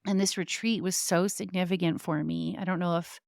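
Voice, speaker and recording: A woman's voice: on the low side, steady tone, a little fast, gravelly, darkish tone, no echo, studio quality. A young adult woman hosting a podcast, telling a personal story in a chatty way with frequent fillers and laughs. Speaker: podcast host. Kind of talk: casual storytelling monologue.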